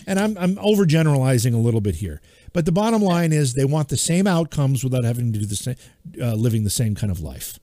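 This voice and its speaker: Lively emphatic middle-aged man. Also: mid-range voice, fast, dry recording, clean studio sound. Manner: emphatic, teasing, laughs often. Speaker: podcast co-host. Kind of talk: casual chat.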